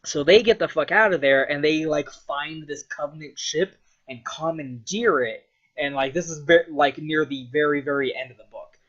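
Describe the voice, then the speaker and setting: A man's voice: on the high side, moderate pace, fairly bright tone. A young man telling a story in a loose, casual ramble, swearing and saying "like" a lot. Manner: loose, sweary, full of filler "like". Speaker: vlogger. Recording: dull lo-fi recording.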